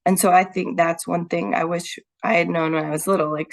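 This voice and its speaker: A woman's voice: lowish voice, fairly even intonation, normal speed, few pauses. Frank, upbeat woman podcast host. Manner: frank and upbeat, with casual swearing. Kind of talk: casual chat.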